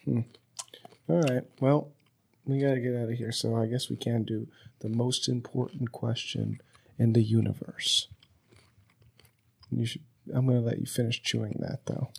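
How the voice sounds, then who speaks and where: A man hosting a podcast in loose, chatty conversation. His voice is husky and a little rough. He is profane and rambling, at a medium pitch. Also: little pitch movement, normal speed, long pauses, a little mellow. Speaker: podcast host. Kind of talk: casual conversation. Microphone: podcast microphone.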